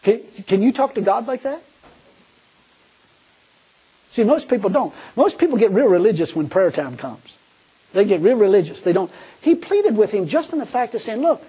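A man's voice: high voice, big pitch swings, normal speed, long pauses, dark tone, breathy edge, muffled recording. A male preacher giving a folksy sermon, talking colloquially and acting out the pleas he quotes. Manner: colloquial, laughs at own jokes, acts out quoted pleas.

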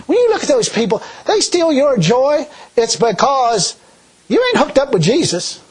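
A man preaching a sermon in a folksy, animated way, full of rhetorical questions. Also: very high voice, moderate pace, breathy edge.

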